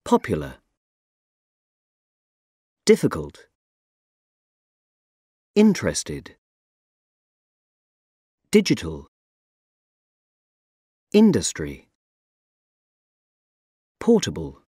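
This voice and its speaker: A speaker slowly reading single words for pronunciation practice, one word at a time. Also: low-pitched, huge pitch swings, dark tone, slightly rough, no room sound, clean studio sound. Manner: slow, deliberate word-by-word reading.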